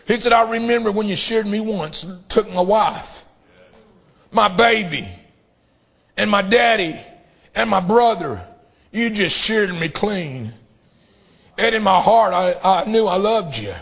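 A man preaching and praying a fervent sermon to his church, shouting in bursts and drawing out emphatic phrases. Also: high voice, expressive, measured pace, creaky, pauses often. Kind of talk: impassioned sermon and prayer.

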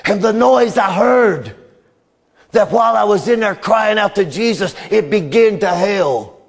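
A man delivers a sermon in a notably high-pitched voice. He preaches with fervent storytelling, rising to loud cries and then dropping to a hush. The delivery is passionate and dramatic throughout. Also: animated, measured pace, creaky. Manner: fervent storytelling preaching, swinging between loud cries and hushed low drops.

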